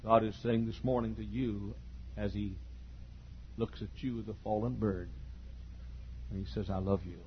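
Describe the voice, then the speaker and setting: A man preaching an impassioned sermon to a large congregation, dropping to a hush and rising to shouts, on a dull lo-fi recording. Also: on the low side, fairly even intonation, unhurried, long pauses, a little hiss or hum. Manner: impassioned, swinging from hushed to shouting.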